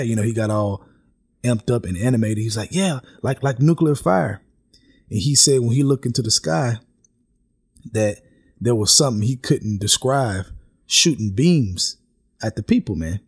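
A man's voice: lowish voice, slightly rough. A man giving an earnest, casual spoken testimony, often stopping to check in with his listeners. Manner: earnest, repeats "okay?" and "man" for emphasis. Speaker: religious vlogger giving a testimony.

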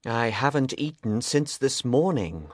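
A man playing a sharp, determined detective in an audiobook, speaking clearly and deliberately. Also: mid-range voice, lively intonation, no echo, studio quality. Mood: explaining. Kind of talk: audiobook reading.

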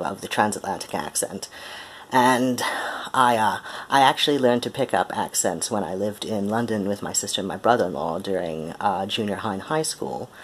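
A young man from Ohio who speaks with a transatlantic accent, introducing himself as a musician in a hesitant, tired vlog with lots of ums. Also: on the low side. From Ohio, USA. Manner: hesitant, full of ums and pauses.

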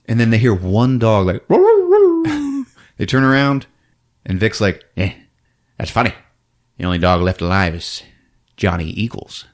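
Animated laughing man recapping a movie. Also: fairly low pitch, unhurried. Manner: animated, laughs often, acts out characters. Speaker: podcast host recapping a film.

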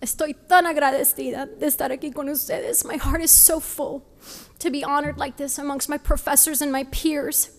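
This commencement speaker, a young woman from Texas, addresses a large venue from a podium in a passionate, emphatic speech, though her high voice comes across flat at a normal speed. The hall adds long reverb.

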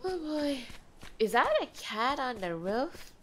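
A woman's voice: high-pitched, sing-song, takes it slowly, a little hiss or hum. A young woman streaming a game, chatting playfully and giggling while reading the game's dialogue aloud. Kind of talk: casual gameplay commentary.

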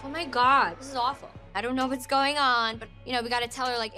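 A woman's voice: fairly high pitch, steady tone, fairly quick, few pauses, bright, forceful tone, faint music behind. A woman in a confessional interview, bewildered and rambling.

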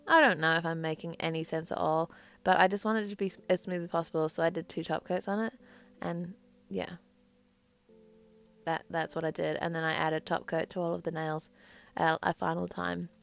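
A woman's voice: on the low side, fairly even intonation, fairly quick, gravelly, faint music behind. A woman whose accent drifts between New Zealand and English, talking through her nail art in a rambling, hesitant, self-deprecating voice-over. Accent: mix of New Zealand and English. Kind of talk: casual voice-over tutorial.

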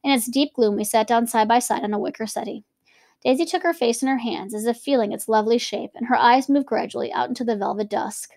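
A woman's voice: on the high side, gravelly, a little mellow, no room sound. A woman reading a classic novel aloud and stopping for casual commentary. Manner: quick, conversational asides between reading. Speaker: reader and teacher.

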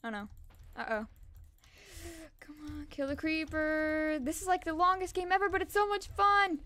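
A young woman giving casual, excitable commentary on her own gameplay and repeating words fast when tense. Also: very high-pitched. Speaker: gaming channel host.

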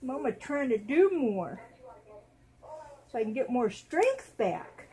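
A woman hosting a casual vlog at home, talking to viewers and cooing softly to her dolls. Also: a little high, very animated, takes it slowly, slight background noise. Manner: doting, soft baby talk to her dolls. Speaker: doll channel host.

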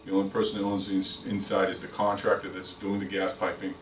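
Deep-voiced man, echoey room. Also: completely flat delivery, brisk. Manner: rambling, repeats words and restarts. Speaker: sales representative. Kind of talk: product training talk. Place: meeting room, lunch and learn. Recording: echoey room from far off, faint noise.

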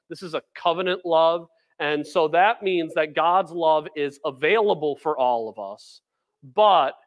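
A man delivers a sermon in an earnest, emphatic way, with his voice sitting slightly high for a man. He mixes relaxed, conversational asides with scripture passages read out with weight. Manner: conversational, with fillers and repeated phrases. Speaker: preacher. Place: church food pantry.

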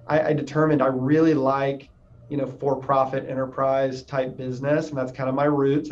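A man's voice: medium pitch, a little mellow, highs cut off, slight background noise. Upbeat chatty man from Tennessee. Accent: light Southern US, mostly neutral. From East Tennessee, US. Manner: upbeat, chatty, frequent fillers. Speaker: interviewed club member, insurance salesman. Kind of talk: casual interview answers.

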